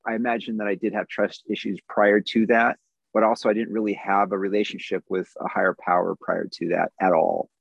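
A man's voice: sits low, gravelly, no room sound, highs cut off. A man in his thirties giving an earnest, candid personal testimony at a recovery meeting, answering questions with small self-deprecating laughs.

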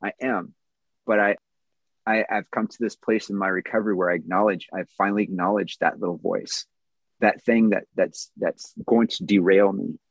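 A man's voice: low voice, steady tone, moderate pace, no echo, muffled recording. A man in his thirties giving an earnest, candid personal testimony at a recovery meeting, answering questions with small self-deprecating laughs.

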